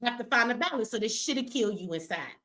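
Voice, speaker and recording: Middle-aged female activist host; fierce, emphatic, cursing, teary; bright, high voice. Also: lively intonation, quick pace. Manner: angry, profane, emphatic. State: crying. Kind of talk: impassioned livestream rant.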